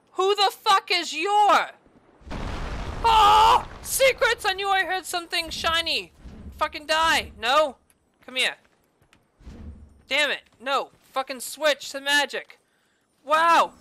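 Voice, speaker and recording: A woman giving casual gameplay commentary as a let's play host, loud and exclamatory, swearing heavily. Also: high-pitched.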